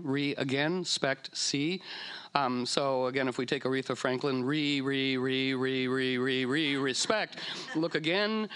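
A man's voice: medium pitch, fairly bright tone. A man telling a story in a loose, meandering way, with frequent fillers and restarts, sometimes slipping into silly voices. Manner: meandering, playful, puts on silly voices for whales. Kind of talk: casual storytelling talk.

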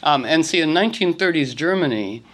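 A man's voice: on the high side, lively intonation, fairly quick, fairly bright tone. A man giving a spiritual talk to an audience, rambling, with frequent fillers and restarts.

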